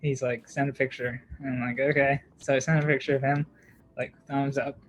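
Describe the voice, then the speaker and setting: A man's voice: medium pitch, level tone, fairly quick, low-quality recording. A young man, a podcast co-host, telling a long story in casual chat, with lots of fillers, "like" and laughter. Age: young adult.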